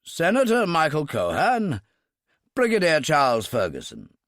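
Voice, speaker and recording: Male narrator doing a clipped, commanding old brigadier, lively lilt, dry close read. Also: on the high side, measured pace, dry recording, voice pushed up, full character voice. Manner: clipped, wry, authoritative. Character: gruff elderly British brigadier, dry and commanding.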